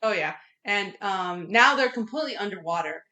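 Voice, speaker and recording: A woman's voice: medium pitch, normal speed. A young woman co-hosting a podcast, chatting casually and animatedly about a film, with plenty of fillers. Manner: animated, excitable recapping with fillers. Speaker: podcast co-host. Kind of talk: casual chat.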